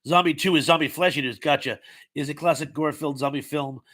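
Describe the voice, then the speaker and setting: A man's voice: fairly high pitch, fast talker, fairly bright tone. A man hosting a casual livestream, reading viewer comments aloud and rambling loosely between them with many ums and uhs. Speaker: host.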